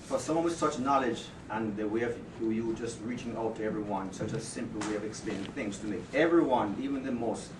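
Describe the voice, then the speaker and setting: A man giving a casual farewell speech at a work party, chatty and jokey, halting often with fillers, reading part of it from his notes. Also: fairly low pitch. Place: office party room. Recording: echoey room, distant mic, noisy.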